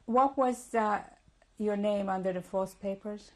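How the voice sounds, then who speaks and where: A woman interviewer asking brief, measured questions in an oral history interview. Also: medium pitch.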